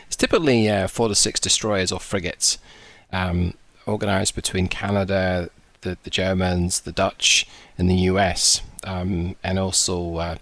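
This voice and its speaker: A man's voice: low-pitched, level tone, unhurried, few pauses, fairly bright tone, no echo. A man commenting on a game, reading briefings aloud and adding dry, sarcastic asides. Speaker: gaming YouTuber. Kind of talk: casual gameplay commentary.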